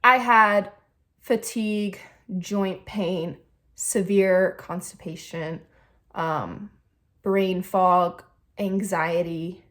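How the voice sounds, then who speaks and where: A woman, telling a casual storytime vlog from her home kitchen into a phone camera, fast and chatty with many likes and ums. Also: fairly low pitch, steady tone. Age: 20s. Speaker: YouTuber. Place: home kitchen, seated by the fridge.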